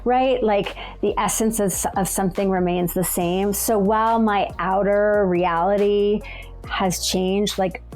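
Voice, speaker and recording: A middle-aged woman telling a personal story in a reflective, halting way, full of fillers and restarts. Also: medium pitch, fairly even intonation, darkish tone, faint music behind. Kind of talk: personal story told aloud.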